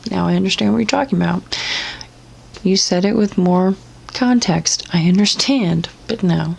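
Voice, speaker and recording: Sarcastic, swearing woman with a gravelly voice. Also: fairly low pitch, moderate pace. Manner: sarcastic, blunt, swears constantly. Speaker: commentary vlogger. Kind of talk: profane ranting commentary.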